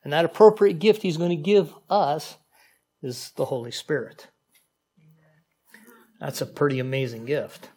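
A man preaching a sermon in a conversational, animated way, with frequent asides to the congregation. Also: a little high, a little slow, pauses often, slightly rough. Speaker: pastor.

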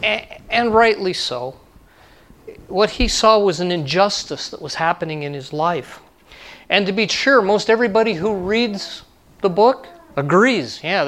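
A man's voice: high-pitched, a bit bright. A male pastor preaching a sermon in a conversational way, repeating key lines for emphasis.

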